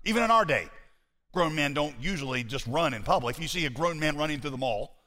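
A man preaching a sermon as pastor, animated and conversational with his congregation. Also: on the high side, quick pace. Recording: hall reverb.

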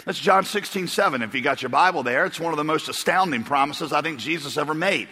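A man's voice: on the high side, fast, sharp tone, husky. A male pastor preaching a sermon, telling funny stories in a rambling, chuckling way. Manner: rambling storyteller, chuckles and restarts. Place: church auditorium. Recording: long reverb of a large hall.

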